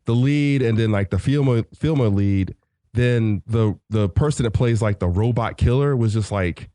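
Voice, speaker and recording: Male podcast co-host from the American South, lowish voice, dry close sound, thinks out loud. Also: normal speed, no room sound. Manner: musing, speculative, many fillers. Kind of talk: casual chat.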